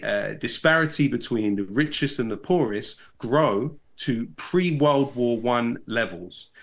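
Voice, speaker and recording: A man speaking as a guest in an interview, giving political analysis in a measured, articulate way with frequent ums and uhs. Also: medium pitch. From Britain. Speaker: guest, hip-hop artist and podcast host.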